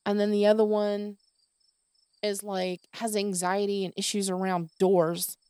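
A woman's voice: mid-range voice, little pitch movement, measured pace, mellow, smooth, no room sound, studio quality. A woman hosting her own podcast, venting in a tired, exasperated monologue full of swearing. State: exhausted. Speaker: podcast host.

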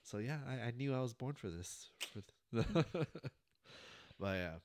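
A young man hosting a casual chat podcast, telling an animated story and laughing often. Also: mid-range voice, unhurried. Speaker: podcast host. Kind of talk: casual chat among friends.

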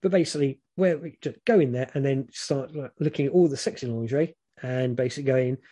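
A British man giving frank, relaxed advice in casual chat, rambling with many fillers. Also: medium pitch, quick pace, breathy edge.

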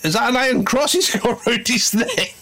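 A man's voice: very high-pitched, very animated, normal speed, sharp tone, a little hiss or hum. A British man hosting a casual live commentary stream, sardonic and grumbling, laughing often. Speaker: stream host.

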